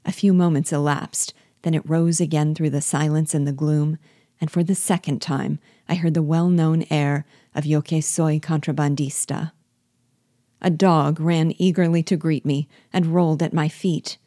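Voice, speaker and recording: A woman giving a measured, expressive reading of a classic novel as host of a reading series. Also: sits low, no echo, clean studio sound. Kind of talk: audiobook reading.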